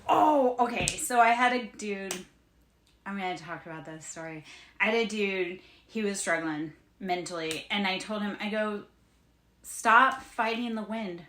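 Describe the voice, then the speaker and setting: A woman hosting a casual livestream as a spiritual reader, talking in a blunt, animated way and swearing casually. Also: medium pitch, moderate pace, slight background noise. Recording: roomy, echoey room sound.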